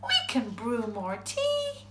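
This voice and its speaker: A woman voicing a tiny, cheerful mouse with a high, squeaky and eager voice. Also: huge pitch swings, takes it slowly, noisy background, full character voice. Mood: soothing.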